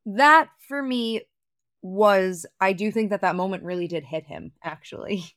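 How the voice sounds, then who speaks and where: Speaking a little slowly in a medium-pitched, slightly bright voice, a woman co-hosts a podcast recapping reality TV in a casual way. She frequently uses "like" and circles back mid-thought. The recording is studio quality with no room sound.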